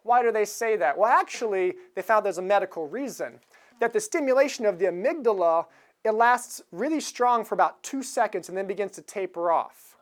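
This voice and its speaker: A woman's voice: mid-range voice, animated, brisk. Woman preacher, casual chatty sermon delivery, easy chuckles, mid-range voice. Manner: conversational, chuckles while retelling a film scene.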